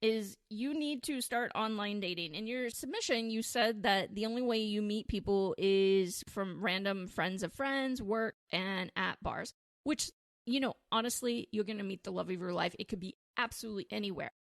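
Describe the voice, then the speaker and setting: A woman hosts a dating advice show in a loose, chatty monologue. She laughs often at her own jokes and keeps a playful, amused tone. Her voice sits at an ordinary pitch in a dry, close recording. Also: moderate pace, no echo. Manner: giggly, laughs often while talking; playful, self-amused humor. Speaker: dating advice podcast host.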